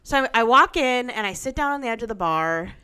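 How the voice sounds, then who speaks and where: A woman's voice: a little high, animated, a little fast, smooth. A woman co-hosting a podcast, telling a story in casual chat, sprinkling in "like" as she goes. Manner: storytelling with frequent "like" fillers and loud bursts of laughter. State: sick, losing her voice. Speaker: podcast co-host.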